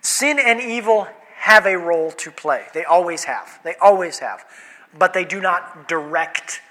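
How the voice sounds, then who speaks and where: Male pastor, sermon, chatty rhetorical delivery, high bright voice, long hall echo. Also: animated, unhurried. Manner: conversational preaching, rhetorical questions, quoted voices.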